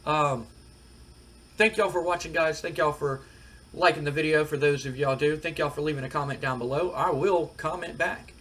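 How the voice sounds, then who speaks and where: Here a man's slightly high voice moves at normal speed. He's a gaming video creator playing a wrestling management game for his channel, chatting in a loose, rambling, relaxed manner packed with fillers.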